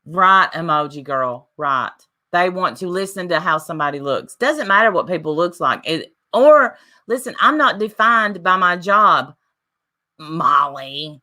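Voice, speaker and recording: A woman's voice: fairly low pitch, lively intonation, normal speed, hardly any pauses, pushed and bright. A woman in her forties hosting a casual livestream, chatting and reading viewer comments aloud. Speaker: livestream host reading chat.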